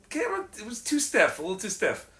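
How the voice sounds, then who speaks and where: A man chatting casually on a podcast, stopping and restarting his sentences as he works out his point. His voice is bright and crisp, and his pitch rises and falls a lot. He sounds animated throughout. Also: poor audio. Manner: halting, restarts often, animated. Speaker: podcast co-host. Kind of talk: casual chat.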